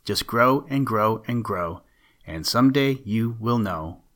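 A man's voice: fairly low pitch, expressive, unhurried, a bit bright. A man voicing the merry little breezes and sunbeams, teasing and cheerful in a singsong way, in a storybook reading.

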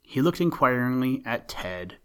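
A man reads a storybook aloud at a measured, even pace. His voice is mid-pitched and plain, with no strong coloring. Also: smooth. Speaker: narrator. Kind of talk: storybook reading.

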